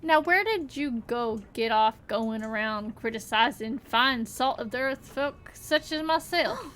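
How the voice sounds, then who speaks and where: A woman's voice: on the high side, lively intonation, a little slow, a bit bright, a little hiss or hum. A woman voicing a boastful, scheming male rancher in a put-on rural Southern drawl, full of folksy theatrics.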